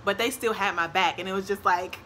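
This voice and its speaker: A young woman tells a casual storytime, animated, acting out quotes and laughing often. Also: medium pitch, fairly quick, a little hiss or hum. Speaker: vlogger.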